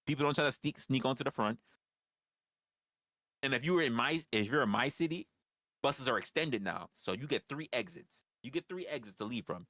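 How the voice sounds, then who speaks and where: A man's voice: mid-range voice, lively intonation, a little fast, pushed and bright, dry recording, studio quality. A man, rambling through profane stories on a casual livestream. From New York. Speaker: livestream host.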